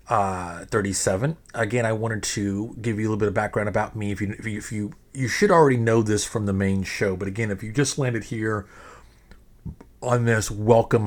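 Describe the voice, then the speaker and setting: A middle-aged man hosting a podcast in a casual, rambling monologue, swearing freely and often restarting his sentences. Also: lowish voice. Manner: rambling, profane, frequent restarts. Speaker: podcast host.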